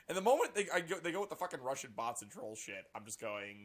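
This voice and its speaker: A man reading a news article aloud and reacting to it with sarcastic, profane commentary and animated outbursts. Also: medium pitch, a little fast. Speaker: political commentary vlogger.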